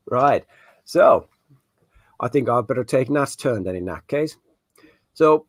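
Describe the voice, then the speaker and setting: A man's voice: mid-range voice, measured pace, pauses often, no echo. Jokey man hosting an online quiz. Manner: jokey, playful. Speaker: quiz host at an online party. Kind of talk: casual virtual party quiz. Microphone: video call.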